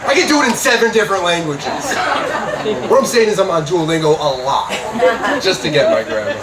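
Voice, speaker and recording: A young man from Scranton, doing a stand-up comedy set on a club stage with deadpan delivery and loud punchlines. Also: sits high, fairly quick, over a noisy crowd. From Scranton, Pennsylvania, USA. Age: young adult. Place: comedy club stage before a live audience. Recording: roomy club audio from a distance with noise.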